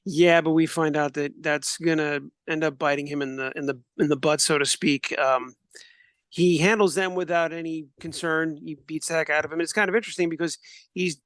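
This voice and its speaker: A man's voice: fairly high pitch, fairly even intonation, a little fast, a bit bright, dry recording. Man musing on a TV show. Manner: reflective, hedging with fillers. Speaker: podcast co-host. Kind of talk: casual discussion.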